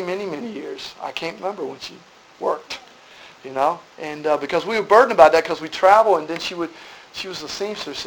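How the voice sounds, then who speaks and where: An earnest middle-aged man with a drawl gives a ministry presentation to a church group. His voice sits a little high for a man, and he repeats points in a preacherly way. Faint noise hums behind him. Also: fairly bright tone, rough recording. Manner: earnest, repetitive, preacherly emphasis. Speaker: ministry leader.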